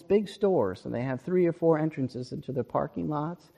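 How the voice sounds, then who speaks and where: Earnest preaching man, fairly high voice. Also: lively intonation, normal speed, gravelly, few pauses, dark tone. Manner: earnest, emphatic preaching, repeats words for stress. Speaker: pastor. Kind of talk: sermon. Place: church sanctuary. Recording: long reverb of a church sanctuary.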